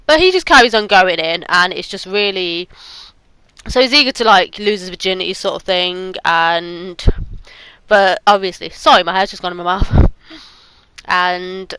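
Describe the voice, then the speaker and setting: Bright, smooth woman rambling casually. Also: on the low side, no echo, poor audio. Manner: rambling, halting, searching for words. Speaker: YouTube movie reviewer. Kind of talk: casual spoken movie review.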